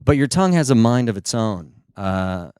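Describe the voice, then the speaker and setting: A young man from the United States doing a stand-up comedy set on a small stage into a handheld microphone, telling stories and jumping into high, silly voices for the people he quotes. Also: very animated, moderate pace, darkish tone, clear, resonant tone, no echo, studio quality.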